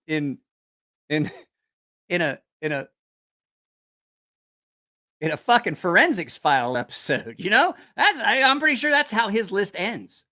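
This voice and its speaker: A man's voice: high-pitched, unhurried, long pauses. Profane, rambling male storyteller. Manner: rambling, profane, animated, with frequent restarts. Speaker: host of a knife-sales channel. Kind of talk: casual storytelling.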